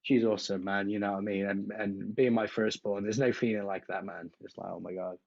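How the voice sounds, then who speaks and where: A man's voice: fairly low pitch, little pitch movement, brisk, vocal fry, a little mellow, muffled recording. A man in his thirties with a West Country English accent, chatting casually as an interview guest and laughing often. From Southwest England. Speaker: guest drummer. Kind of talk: casual video call chat.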